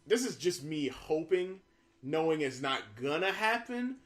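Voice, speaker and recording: A man's voice: on the high side, measured pace. A man co-hosting a casual gaming podcast, telling hopes as an acted-out story, mimicking crowds and swearing freely. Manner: animated storyteller, acts out crowd reactions, swears. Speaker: podcast co-host.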